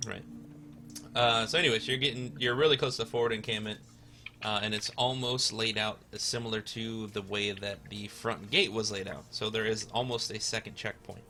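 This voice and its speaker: A man's voice: lowish voice, steady tone, moderate pace, sharp tone. A man narrating a tabletop game as game master, rambling with fillers and restarts.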